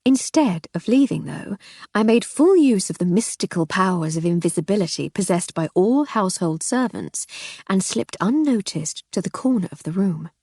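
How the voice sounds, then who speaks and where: A woman reading a first-person mystery audiobook in a wry, measured way. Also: mid-range voice, animated, dark tone, husky, no echo, clean studio sound. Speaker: audiobook narrator.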